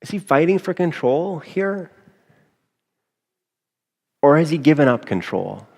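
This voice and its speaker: A man's voice: a little high, sing-song, a little slow, gravelly, darkish tone, slightly rough. A man preaching a sermon as a pastor, in a conversational manner with frequent rhetorical asides to the congregation. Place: church sanctuary. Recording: long church reverb.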